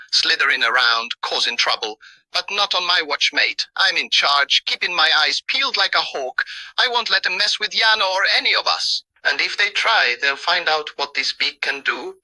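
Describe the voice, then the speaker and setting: Figure: tough-talking male cardinal watchman played by a man. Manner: boastful. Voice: piercingly bright. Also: medium pitch, huge pitch swings, moderate pace, full character voice, poor audio. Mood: cheerful. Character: cheerful male cardinal bird, bossy watchman.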